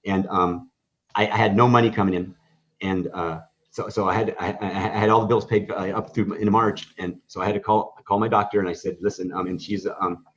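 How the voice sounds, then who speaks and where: A man's voice: lowish voice, fairly even intonation, brisk, fairly bright tone. A man telling a story in a podcast interview, rambling through fillers and restarts and acting out the dialogue. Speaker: guest, hot dog stand owner. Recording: dull lo-fi podcast audio.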